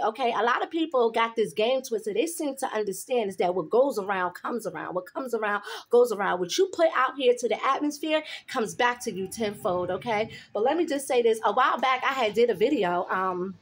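A woman's voice: fairly high pitch, expressive, fairly quick, hardly any pauses, breathy edge. A woman delivering an emphatic preaching monologue, repeating herself and ending lines with a questioning "okay?". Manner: repeats words and restarts when heated. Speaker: religious video host.

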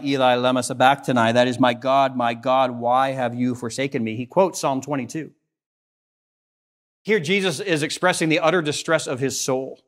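This is a Canadian man, a pastor, preaching earnestly in a church sanctuary in Canadian English. He goes up in pitch on questions and turns quiet and low for solemn lines.

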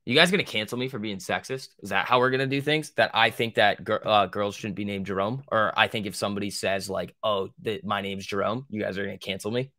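Bright-voiced young man, profane and joking. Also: on the low side, fast talker, few pauses. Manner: profane, joking, rambling, slangy. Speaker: stock trading livestream host. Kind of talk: casual livestream chat, answering viewer questions.

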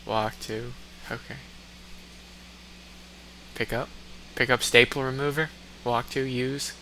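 Man playing a game on camera, amused commentary, reads commands aloud, very bright tone, faint background noise. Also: medium pitch, fairly even intonation, slow. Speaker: gamer. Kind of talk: let's play commentary.

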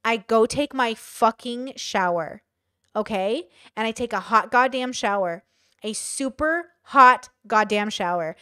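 Profane, animated woman streamer. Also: fairly high pitch, clean tone, no room sound, studio quality. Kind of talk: casual live-stream monologue.

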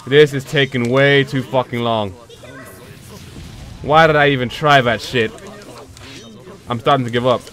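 Male gamer, drawling profane play-by-play, bright tone. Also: medium pitch, fairly even intonation, unhurried, long pauses, faint music behind. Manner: profane, frustrated mutterings with sudden shouts. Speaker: gameplay commentator. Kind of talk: casual live gameplay commentary.

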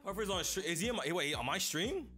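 A young man with a fairly high voice chats on a live stream, reading out viewer messages. He is excitable and prone to loud, swearing outbursts, and he stutters and restarts often. Faint music plays quietly underneath. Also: fast talker.

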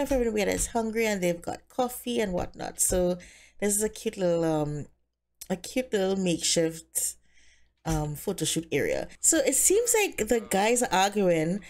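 A bubbly woman talking through her game in a loose, chatty way, full of little fillers. Her pitch sits right in the middle for a woman. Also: animated, normal speed, a little mellow. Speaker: let's player. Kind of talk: casual game commentary.

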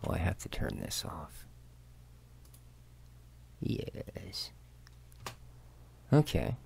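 A middle-aged Canadian man with a Canadian accent, chatting casually and joking at himself as he plays a farming game, now and then dropping to soft mutters. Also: low voice, huge pitch swings, normal speed, vocal fry, husky. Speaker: gaming video host. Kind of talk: casual let's-play commentary.

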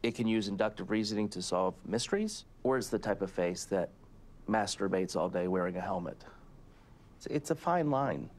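A middle-aged man hosts a comedic interview in a flat, deadpan way, stumbling and pausing awkwardly between questions. His voice sits a little low for a man. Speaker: talk show host.

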